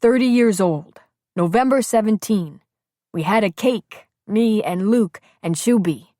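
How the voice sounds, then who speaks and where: A woman voicing a gentle, earnest young man who talks in soft, plain, childlike words. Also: medium pitch, a little slow, dry recording, studio quality, voice pushed up, natural voice.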